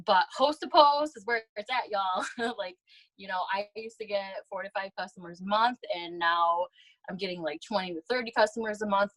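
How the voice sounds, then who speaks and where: A woman's voice: medium pitch, a bit bright, dry recording, poor audio. A woman sharing her experience on a video call in a chatty, upbeat way, with many ums. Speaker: guest team leader.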